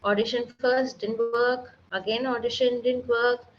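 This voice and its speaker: A woman's voice: a little high, little pitch movement, measured pace, lo-fi sound, faint music behind. A woman speech therapist giving a seminar lecture, explaining patiently and demonstrating sounds aloud.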